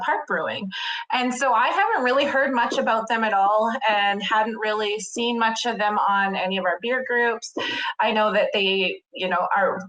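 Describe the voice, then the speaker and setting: A Canadian woman talking as a podcast guest, warm with enthusiasm and full of "um"s and "like"s. Her mid-pitched voice sits in a roomy, echoey space. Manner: enthusiastic, with filler words. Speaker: podcast guest, craft beer reviewer. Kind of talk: casual chat.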